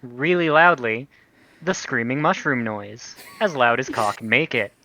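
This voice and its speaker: A man's voice: medium pitch, measured pace, pushed and bright, slight background noise, rough recording. A man playing a tabletop game, playful and joking. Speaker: player.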